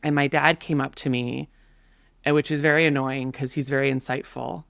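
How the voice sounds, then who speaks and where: A woman in her thirties, a podcast guest, telling a story in a casual, animated way with many fillers. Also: very deep voice, normal speed, gravelly, no room sound, clean studio sound. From Canada.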